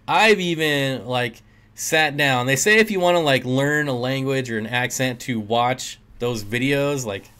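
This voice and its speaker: A man's voice: medium pitch, fairly bright tone. Laid-back man chatting on a livestream. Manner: joking, laughs often, answers chat aloud. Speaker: livestream host reading chat. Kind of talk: casual livestream chat. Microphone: desk mic.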